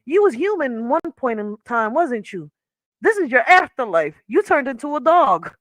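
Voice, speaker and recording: Wearing headphones, a woman hosts a livestream from her chair at home, telling a story in a casual, profane, laughing manner. Her high-pitched voice swings widely in pitch at normal speed, with no echo and poor audio.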